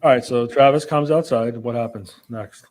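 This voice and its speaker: A man questioning a witness in court with brisk, leading questions. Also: mid-range voice, a little mellow. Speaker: attorney.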